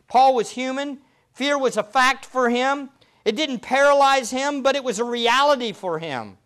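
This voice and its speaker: A man preaching a sermon as pastor, earnest and slowing down to stress quoted verses, often asking the listeners rhetorical questions. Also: sits high, fairly bright tone. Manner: asks the congregation rhetorical questions.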